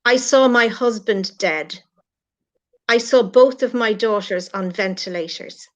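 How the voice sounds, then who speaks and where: A middle-aged Irish woman with a medium-pitched voice talks at an unhurried pace as a live-stream guest. The chat is emotional and heartfelt, and she addresses her critics straight on. The recording has a lo-fi online stream quality.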